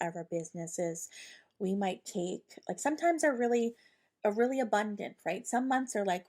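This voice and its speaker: Gravelly-voiced woman, chatty spiritual host. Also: on the high side, animated, normal speed, a little mellow. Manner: chatty and rambling, with many fillers and quoted inner dialogue. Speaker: podcast host, intuitive channeler. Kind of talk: casual spiritual monologue.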